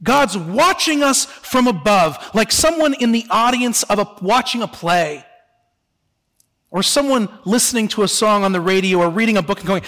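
A man preaching a sermon as pastor, very expressive, sinking soft and slow on solemn words and rising on rhetorical questions. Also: sits high, big-room sound. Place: church sanctuary.

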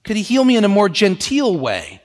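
A man preaching a sermon in a lively, conversational way, often slipping into quoted voices. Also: high-pitched, fairly quick, long reverb tail.

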